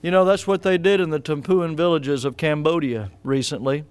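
A man preaching a sermon as pastor, rising to loud emphatic peaks and dropping to soft, low asides. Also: normal speed, clear, resonant tone. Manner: preaching with sudden loud rises and soft drops.

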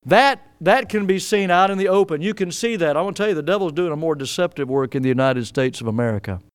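A man preaching a sermon, swinging between loud emphatic bursts and hushed low phrases, stretching key words and often restarting mid-sentence. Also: fast talker, clear, resonant tone, dry recording. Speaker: pastor.

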